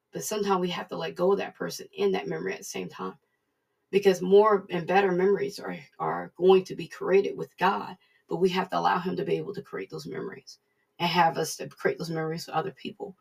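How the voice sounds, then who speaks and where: Casual devotional preacher, raspy and a bit breathy, distant mic, repeats lines for emphasis. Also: mid-range voice. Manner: conversational, repeats points for emphasis.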